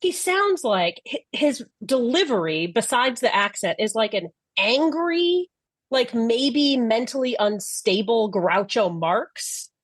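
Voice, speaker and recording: A woman's voice: on the high side, lively intonation, slow pace, dry recording. A woman co-hosting a podcast, recapping a show in casual chat with blunt, sarcastic remarks. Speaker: podcast co-host.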